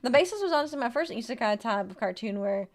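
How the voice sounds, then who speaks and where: Chatty higher-voiced young woman streamer. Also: lively intonation, quick pace. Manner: chatty, reads card text aloud and answers chat. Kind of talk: casual livestream chat. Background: faint background music.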